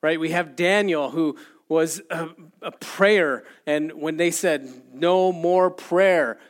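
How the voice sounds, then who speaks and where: A man preaching a sermon, telling a story with animated delivery and shouting out the lines he acts out. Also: fairly high pitch, slow pace. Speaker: pastor.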